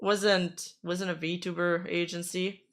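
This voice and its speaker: A woman streamer giving casual reaction commentary, chatty, self-deprecating and quick to defend herself. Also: lowish voice, flat delivery, fairly bright tone.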